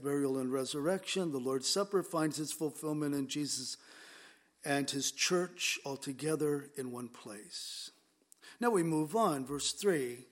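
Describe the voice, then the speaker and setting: Emphatic, conversational male preacher. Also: fairly high pitch. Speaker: pastor. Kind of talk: expository sermon.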